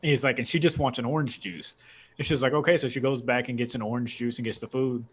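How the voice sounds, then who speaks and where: A man's voice: mid-range voice, fairly even intonation, quick pace, breathy edge. A young man hosting a casual podcast, rambling through a long story with frequent laughs. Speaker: podcast host. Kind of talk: casual chat.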